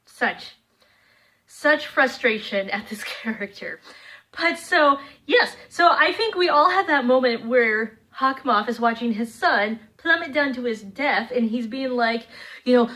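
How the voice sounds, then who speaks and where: A young woman vlogging a casual review of cartoon episodes, chatty and animated, slipping into playful voices. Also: a little high, unhurried. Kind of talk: casual reaction chat.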